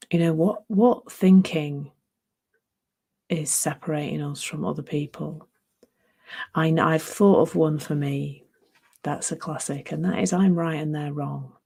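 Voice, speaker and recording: A middle-aged woman giving a reflective spiritual talk, musing unhurriedly, laughing at herself and dropping into soft near-whispers. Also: low-pitched, vocal fry, husky.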